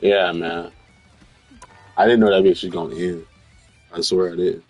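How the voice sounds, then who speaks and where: Husky, profane man streaming a game. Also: sits low, measured pace, no room sound, faint music behind, poor audio. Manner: profane, animated reactions, incredulous outbursts. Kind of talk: casual gaming commentary.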